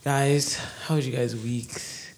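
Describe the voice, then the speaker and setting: A man co-hosting a podcast in casual chat, playful and loud when he protests. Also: mid-range voice, fairly even intonation, takes it slowly. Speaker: podcast co-host.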